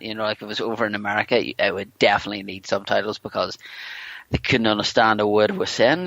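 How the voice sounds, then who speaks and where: A man's voice: lowish voice, steady tone, fast, creaky, fairly bright tone. A man talking as a podcast guest in casual chat, rambling with lots of "you know" and restarts. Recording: dull lo-fi dry recording.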